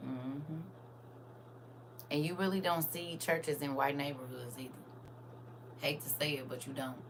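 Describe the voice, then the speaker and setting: A woman's voice: low voice, a little slow, noisy background. A woman, chatting casually to viewers on a livestream and talking straight to them. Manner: animated, talks straight to viewers. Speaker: livestream host.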